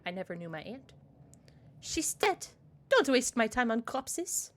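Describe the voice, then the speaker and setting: Woman doing a disdainful game cat, fake French accent, raised pitch. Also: sing-song, a little slow. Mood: haughty. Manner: clumsy mock French accent, dismissive. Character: haughty, hostile female house cat.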